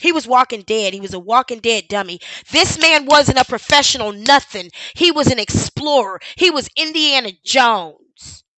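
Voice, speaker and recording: A woman streamer talks over a video in a bright, high voice. She fires off sarcastic, disbelieving questions at an unhurried pace, dry and close to the mic. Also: animated, no echo, rough recording. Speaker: live stream host. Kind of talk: casual commentary over video.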